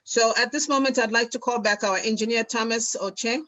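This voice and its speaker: A woman's voice: a little high, steady tone, fairly quick, bright, forceful tone. A woman moderating an online event, polite and gracious as she thanks speakers and moves through the schedule. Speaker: meeting moderator.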